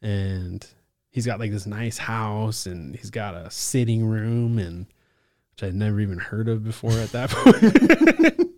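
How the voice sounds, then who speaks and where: A man's voice: on the low side, big pitch swings, measured pace, darkish tone, dry recording, studio quality. Laid-back man telling his story. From Alaska. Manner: laid-back, lots of "like" and "bro", laughs often. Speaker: podcast guest, case manager. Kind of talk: casual storytelling about recovery.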